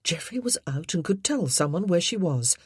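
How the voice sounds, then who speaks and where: A woman narrating an audiobook, measured and expressive in her storytelling. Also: on the low side, breathy edge, no room sound, clean studio sound. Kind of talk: scripted narration.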